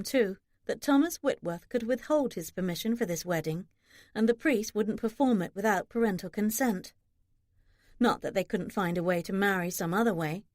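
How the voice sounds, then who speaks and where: A woman narrating a historical romance audiobook in an even, measured way. Her pitch sits mid-range, and the recording is dry and close with no room sound. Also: no echo. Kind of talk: scripted narration.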